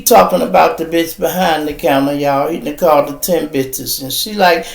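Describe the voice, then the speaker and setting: A man hosts his podcast and tells a street story in loose, profane talk. His voice is gravelly. The room around him has an echo. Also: a little high, moderate pace, hardly any pauses. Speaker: podcast host. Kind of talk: casual storytelling monologue. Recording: roomy echo.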